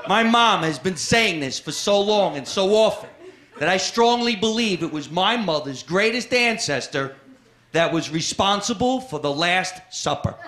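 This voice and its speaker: A man doing stand-up comedy and chatting on stage, animated, jumping to high-pitched bursts when he mimics someone. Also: moderate pace. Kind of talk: stand-up set and chat. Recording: echoey club with loud crowd noise.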